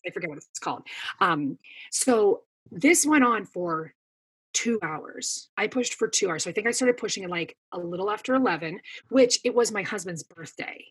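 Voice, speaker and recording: A woman's voice: medium pitch, lively intonation, normal speed, breathy edge. A woman in her thirties, a podcast guest, telling a long story in casual chat with plenty of fillers. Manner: chatty storytelling with many fillers.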